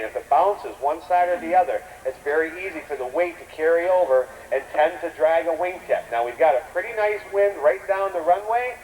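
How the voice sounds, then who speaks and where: Excitable man announcing an air show. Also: high voice. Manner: excitable, showman-like, rallying the crowd. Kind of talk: live event commentary. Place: outdoor airfield show. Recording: distant echoey outdoor PA with noise.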